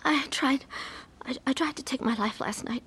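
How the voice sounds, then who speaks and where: A woman's voice: medium pitch, normal speed, natural voice. A woman playing a middle-aged wife in chronic pain who narrates her own story in an earnest, confessional way, in a radio drama. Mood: confessing. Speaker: narrator and main character.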